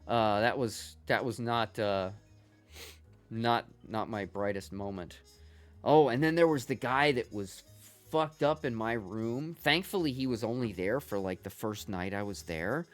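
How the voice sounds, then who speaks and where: A man's voice: fairly low pitch, unhurried, soft background music. A middle-aged man chatting casually with viewers on a gaming livestream, telling rambling, profane stories with many restarts.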